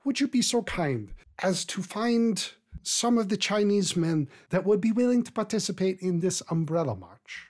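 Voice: medium pitch, expressive, moderate pace, few pauses, a little mellow, close to an everyday voice. A performer doing a genteel woman over eighty. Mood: gracious. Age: older. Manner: genteel, formal, wandering put-on accent. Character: elderly female labor organizer, over eighty, gracious.

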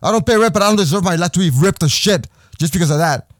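A young podcast host with a high-pitched voice launches into an angry personal rant, talking fast and staying heated, profane and repetitive. The sound is dry and close, with no room echo.

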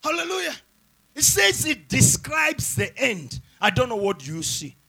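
A pastor preaching a sermon with emphatic repeated phrases, swinging from loud shouted lines down to quiet asides. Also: male voice, very high voice, big pitch swings, a little slow, gravelly, breathy edge.

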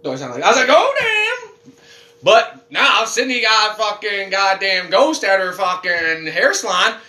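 A man hosting a casual podcast, loud, profane and joking, laughing often through his stories. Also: high-pitched, animated, normal speed, echoey room. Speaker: podcast host.

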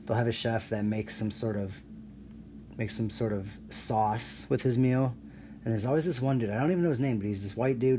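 A man's voice: on the low side, warm tone, slight background noise. A man hosting his own podcast alone, rambling in a profane, sarcastic rant. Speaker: podcast host.

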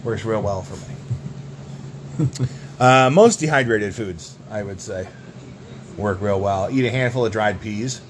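Young dude rambling deadpan about silly stuff, podcast banter, bit of background noise. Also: male voice, lowish voice, takes it slowly, long pauses. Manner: deadpan rambling, tall tales. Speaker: podcast co-host. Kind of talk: absurd comedic banter.

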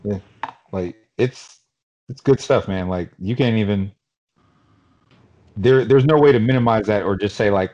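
A man from Queens, New York, co-hosting a podcast in casual chat, telling stories in an animated, rambling way with lots of fillers. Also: fairly low pitch, unhurried, pauses often, lo-fi sound. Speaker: podcast co-host.

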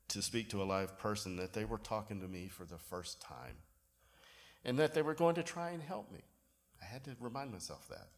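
A pastor, giving a sermon in a relaxed storytelling way with self-deprecating humor. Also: male voice, mid-range voice.

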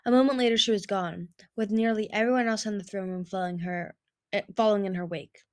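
Woman, storybook narration, steady and plain, middle pitch, small slips. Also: fast talker. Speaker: audiobook reader. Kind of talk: storybook read-aloud narration.

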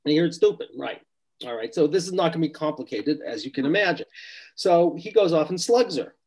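Husky older man telling a story. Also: fairly quick, low-quality recording. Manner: animated retelling, acts out the people he quotes, drops to a soft low voice. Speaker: therapist. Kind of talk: storytelling about a therapy session.

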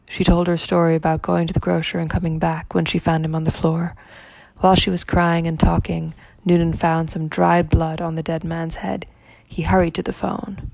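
A woman narrating a story aloud in a measured, even reading. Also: on the low side, gravelly, no room sound.

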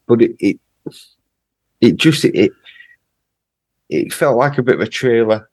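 A man with a Yorkshire accent, co-hosting a podcast in casual chat, halting and searching for his words. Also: mid-range voice, animated, darkish tone, no room sound. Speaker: podcast co-host.

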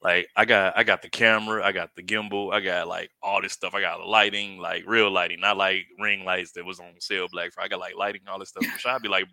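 A man's voice: sits low, steady tone, a little fast, few pauses, pushed and bright, no room sound. A man in his thirties chatting casually from his home loft studio over a video call, laid-back, slangy and chuckling. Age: 30s. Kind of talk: casual chat.

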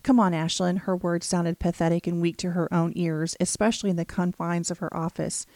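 A woman with a lowish voice reads an audiobook in a steady, measured way. The recording is very dry and close, with no room sound at all. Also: no echo. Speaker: narrator. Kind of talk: audiobook narration.

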